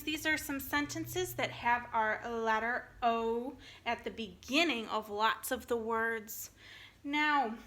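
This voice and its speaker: Woman, kindergarten teacher, video phonics lesson, bright tone, encouraging, clear. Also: sits high. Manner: slow, clear, encouraging teacher talk to young children. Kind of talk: recorded online phonics lesson.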